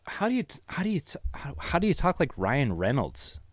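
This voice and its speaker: A man who is a YouTuber hosts his solo podcast from his home basement, rambling, poking fun at himself, and swearing freely. His fairly high voice swings hugely in pitch, he talks briskly, and the sound is clean studio quality with no room sound.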